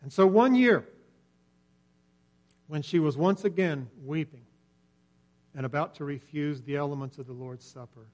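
A man preaching a sermon in earnest, swelling louder on key points and dropping nearly to a whisper. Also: on the high side, measured pace, pauses often. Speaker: pastor.

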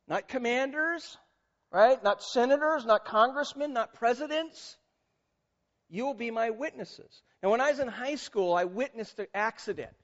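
Man, pastor, lively conversational sermon, fairly high voice, dull lo-fi sound. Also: moderate pace. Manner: animated, conversational, quizzes audience.

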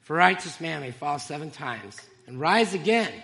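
A man giving an emotional, halting church testimony, with fillers and small laughs. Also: fairly high pitch, animated, vocal fry, bright, forceful tone, long reverb tail.

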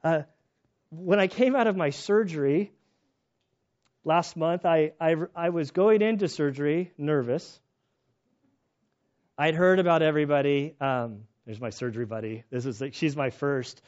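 Animated man preaching, lo-fi sound. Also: a little high, measured pace, long pauses. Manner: animated, acts out quoted voices, self-interrupting restarts. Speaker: pastor and chaplain. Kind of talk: sermon with personal storytelling.

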